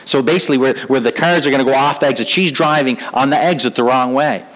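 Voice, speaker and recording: A man delivering a sermon in a plain, mid-pitched voice. He speaks earnestly and restarts phrases, doubling words as he presses each point. He sounds middle-aged. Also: fast, a bit bright, rough recording. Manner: earnest, repeats words when building a point. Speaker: pastor.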